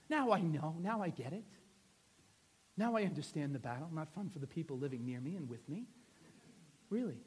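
A man preaching a sermon to a congregation, moving between quiet asides and loud, fervent prayer. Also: high voice, husky. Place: church hall before a congregation.

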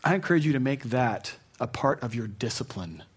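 A middle-aged man preaching a sermon, telling personal stories, dropping to a hush and then rising to fervent emphasis. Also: mid-range voice, animated, fairly quick, breathy edge. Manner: personal storytelling, swings from hushed to fervent. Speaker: pastor.

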